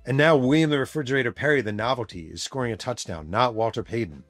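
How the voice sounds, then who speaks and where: A man's voice: mid-range voice, fast talker, a bit bright, no echo, faint music behind. Emphatic, profane male storyteller. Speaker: podcast host and author. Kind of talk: casual storytelling narration.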